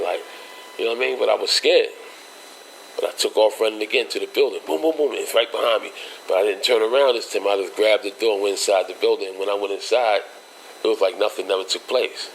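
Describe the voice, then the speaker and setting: A man's voice: slight background noise, rough recording. A man telling a personal story in casual street slang, acting out the voices of the people in it. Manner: street slang, acts out quoted voices with raised pitch. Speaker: interview guest telling a life story.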